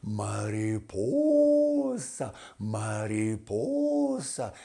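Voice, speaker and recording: Guy doing a lovesick dog crooning, lively sing-song, storybook. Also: on the low side, very slow, creaky, exaggerated voice. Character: lovestruck male dog suitor.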